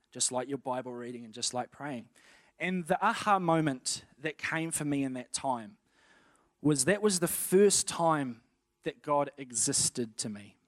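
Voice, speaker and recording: A man's voice: medium pitch, no room sound, studio quality. A man sharing a personal faith testimony in a casual storytelling way, acting out quotes and laughing along. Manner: animated, acts out quotes with laughter.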